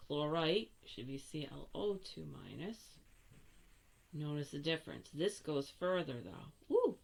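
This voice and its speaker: An older woman teaching a chemistry lesson, chatty and playful, correcting herself as she goes. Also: deep voice. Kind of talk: recorded classroom lesson.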